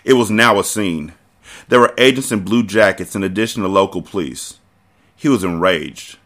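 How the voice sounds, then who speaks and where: A man's voice: low voice, normal speed, fairly bright tone. A man hosting a podcast, reading a novel aloud casually and breaking off to joke and comment.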